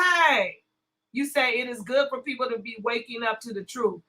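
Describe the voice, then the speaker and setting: A woman's voice: on the high side, normal speed, pushed and bright, rough recording. A woman hosting a casual commentary livestream, blunt and cussing, her voice strained from a sore throat. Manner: blunt, cussing, chatty, greets viewers. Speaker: livestream host.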